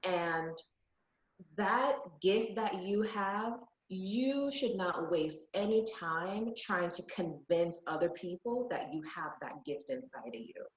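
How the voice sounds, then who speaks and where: A woman tells a personal story in a reflective way, often pausing on ums and restarting her sentences. Her voice sits a little low. The recording is dull and lo-fi, in an echoey room. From Jamaica. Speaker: podcast guest.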